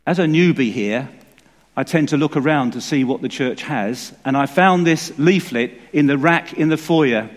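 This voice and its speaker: A man preaching a sermon in a church, measured and emphatic. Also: on the high side. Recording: long reverb of a church hall.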